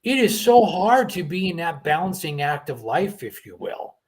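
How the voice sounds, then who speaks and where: A man's voice: a little high, very animated, normal speed. A middle-aged man hosting a talk show, speaking earnestly and often repeating words as he starts a thought. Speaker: host. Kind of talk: conversational talk show chat.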